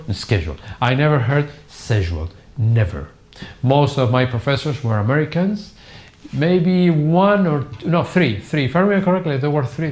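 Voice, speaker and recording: A middle-aged man whose first language is Spanish, teaching a live online English lesson in a classroom and drilling words with emphatic repetition. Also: mid-range voice. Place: classroom with whiteboard.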